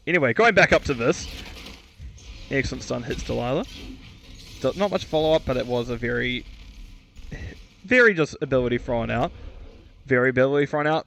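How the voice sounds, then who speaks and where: A man's voice: mid-range voice, brisk, vocal fry, long pauses, fairly bright tone. A man giving solo esports commentary, chatty and self-mocking, stumbling over player names and correcting himself. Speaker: esports caster.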